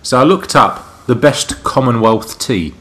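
A man's voice: mid-range voice, lively intonation, measured pace, fairly bright tone. A man, co-hosting a podcast in casual, chatty talk, often laughing and calling his friend "mate". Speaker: podcast co-host. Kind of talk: casual chat.

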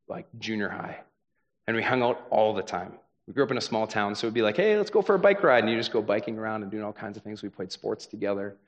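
A young adult man preaching a sermon as a pastor, talking in a conversational, earnest way with frequent "right?" asides. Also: lowish voice.

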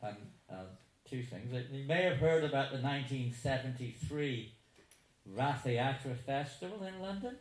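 Animated and medium-pitched, a man in his 70s speaks at normal speed, telling anecdotes to a live audience in a chatty, chuckling, wandering way. Roomy hall echo and faint noise are audible.

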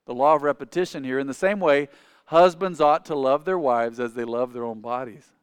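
Man preaching, emphatic then hushed. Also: medium pitch, fairly quick, clean tone, dry recording. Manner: conversational, asks the congregation questions; swings between loud emphatic and quiet asides. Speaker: pastor. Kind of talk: sermon.

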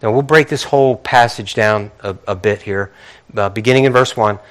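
A man preaching a sermon, reading scripture quietly and then building to emphatic, repeating rhetorical questions. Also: lowish voice, normal speed. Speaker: pastor.

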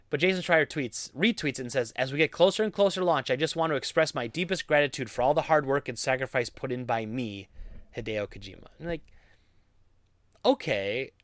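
A man's voice: a little high, dry recording, studio quality. A young adult man giving opinionated commentary, reading tweets aloud with an exasperated, sarcastic edge. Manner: animated, exasperated, sarcastic, with frequent laughs.

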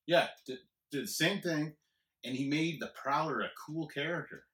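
A man's voice: a little high, fairly bright tone, roomy sound, recorded from a distance. A man co-hosting a casual movie chat, often chiming in to agree. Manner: agreeable, lots of quick agreement.

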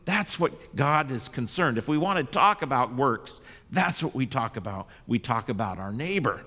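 A man's voice: mid-range voice, lively intonation, normal speed, pushed and bright. A male pastor preaching a sermon and telling a story with dramatic shifts in volume. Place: church. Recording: long church reverb.

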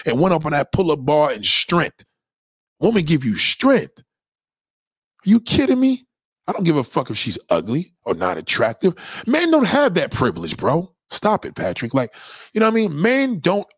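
A middle-aged man rants bluntly and crudely while answering viewer questions on a livestream, in clean studio sound with no room noise. He talks fairly quickly with a breathy edge, profane and animated, his pitch swinging high and low.

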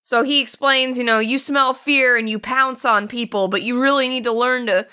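A woman's voice: fairly high pitch, steady tone, moderate pace, pushed and bright. A woman co-hosting a film podcast in casual chat, retelling the plot and acting out the characters' lines. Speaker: podcast co-host reviewing a film.

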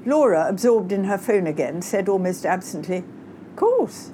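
A woman narrating a novel in a composed, expressive reading. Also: fairly low pitch, normal speed, a little hiss or hum. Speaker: audiobook narrator. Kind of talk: scripted narration.

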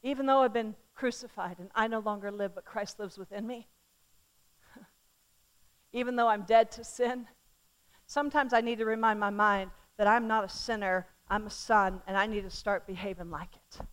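A middle-aged woman preaching a sermon, emphatic and often asking the congregation questions, swinging from loud declarations to hushed, tender storytelling. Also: mid-range voice, steady tone, moderate pace, smooth.

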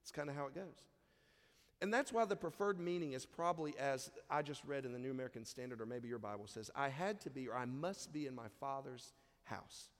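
A man's voice: mid-range voice, fairly quick, long reverb tail. A man preaching a sermon in a conversational way, reading scripture and briefly acting out the people in the story. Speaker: pastor.

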